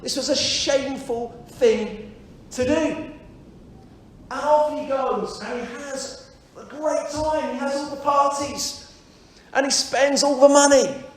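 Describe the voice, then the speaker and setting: A man's voice: very high-pitched, slow, pauses often, a little hiss or hum. A man minister preaching a sermon during a church service, reflective, repeating key phrases and speaking straight to his listeners. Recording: very echoey church sanctuary.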